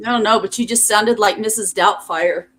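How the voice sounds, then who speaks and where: A woman's voice: mid-range voice, fairly even intonation, normal speed, fairly bright tone, poor audio. Teasing older woman guest. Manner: teasing, chuckling. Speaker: guest on a live-stream talk show. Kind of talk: casual live-stream chat.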